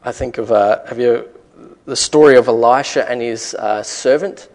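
Brief: male preacher, middle pitch, emphatic sermon delivery with rhetorical questions. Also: normal speed, a little mellow. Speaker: pastor.

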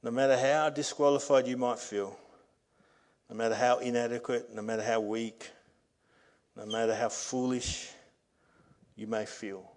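Guy preaching at church, mid-pitched voice, earnest, gets loud n emphatic. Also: steady tone, a little slow. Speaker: pastor. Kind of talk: sermon. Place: church service. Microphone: microphone.

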